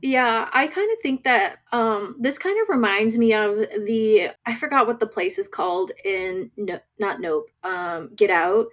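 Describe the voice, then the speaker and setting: A woman's voice: medium pitch, animated, measured pace, few pauses. A woman co-hosting a podcast, chatting casually about a horror film, speculating thoughtfully and often restarting her sentences. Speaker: podcast co-host.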